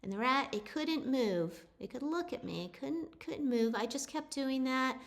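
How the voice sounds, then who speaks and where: A middle-aged woman telling an animal story in a casual, animated way, often restarting her sentences. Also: high voice, normal speed, gravelly. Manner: chatty, animated, with frequent restarts.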